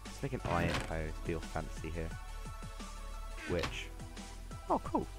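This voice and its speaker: Deep-voiced guy narrating gameplay. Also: normal speed. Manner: rambling, talks to himself while playing. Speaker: gameplay commentator. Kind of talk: casual gameplay commentary. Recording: game music playing underneath.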